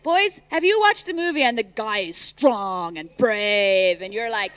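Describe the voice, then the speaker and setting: A woman teacher leading a school assembly into a microphone, animated and teasing, quizzing the pupils and calling out loudly at times. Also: medium pitch, unhurried, clean tone, dry recording.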